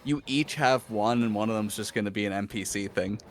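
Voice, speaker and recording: Low-voiced male game master, dry narration with a teasing edge. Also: fairly quick, soft background music.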